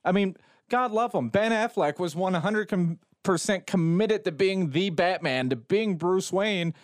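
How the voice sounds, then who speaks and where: A man's voice: high voice, animated, measured pace, no room sound, studio quality. A man co-hosting a podcast, emphatic and exasperated in casual chat, often breaking off mid-sentence. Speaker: podcast co-host.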